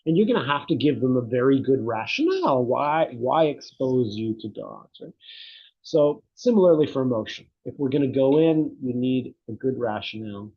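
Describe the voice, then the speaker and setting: A man's voice: medium pitch, sing-song, moderate pace, husky, muffled recording. A middle-aged man, a psychotherapy researcher, speaking reflectively in an interview and telling stories with animation. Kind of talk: conversational interview.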